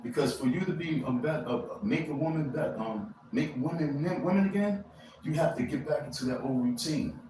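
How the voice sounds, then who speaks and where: A man's voice: fairly high pitch, moderate pace, mellow. A man hosting a casual motivational live stream. He rambles through a loose, slangy pep talk. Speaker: livestreamer. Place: indoor room. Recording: echoey room with faint ambient noise.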